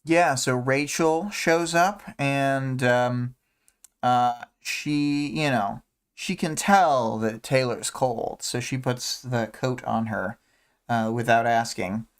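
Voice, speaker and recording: A man's voice: medium pitch, slow pace, clear, resonant tone. A man hosting a casual book discussion stream, rambling with many fillers and humming to himself between thoughts. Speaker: podcast host.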